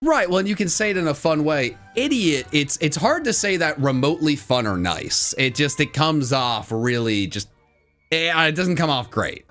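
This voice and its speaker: A young man co-hosting a casual gaming chat, playful and jokey, with excitable reactions. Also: a little high, normal speed, soft background music. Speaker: co-host of a gaming channel.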